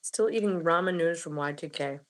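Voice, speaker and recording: Here a woman from Florida in her forties chats casually on a live cooking stream as she eats, humming with her mouth full between comments in a relaxed manner. Her voice is on the low side and brisk.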